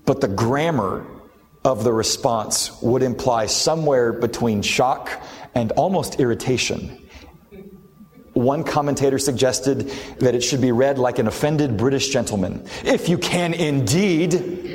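A man's voice: medium pitch, measured pace, darkish tone. A man preaching a sermon as a pastor, earnest and building to impassioned emphasis. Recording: long hall reverb.

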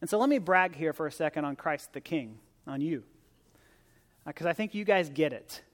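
A man's voice: on the high side, animated, moderate pace. Man preaching with restarts in an echoing church. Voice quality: earnest, stumbling restarts and repeated words. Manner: conversational, rising to emphatic exhortation. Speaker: visiting preacher. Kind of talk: sermon. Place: church sanctuary. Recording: long reverb of a large church hall.

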